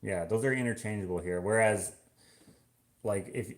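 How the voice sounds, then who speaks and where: A vlogger washes dishes at home and muses aloud in a Canadian accent, his casual chat wandering between thoughts and packed with fillers. He speaks briskly, with a lowish, darkish voice and fairly even intonation.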